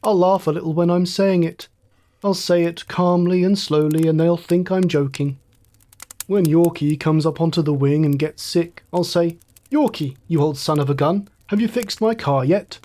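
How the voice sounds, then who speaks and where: A storyteller putting on a wounded young fighter pilot, a man whose thoughts run on in a light, musing way. His voice sits a little high and lifts brighter as he daydreams. He sounds dazed yet oddly cheerful. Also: moderate pace, close to an everyday voice. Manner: light, musing inner monologue.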